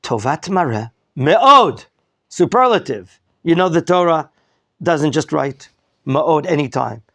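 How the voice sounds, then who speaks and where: Male teacher, kinda high raspy voice, quizzing his class, dry close sound. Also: slow pace, dry recording. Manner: lively teacher, quizzing students, mixing in Hebrew terms. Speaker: rabbi teaching a Torah class. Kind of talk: classroom Bible lesson.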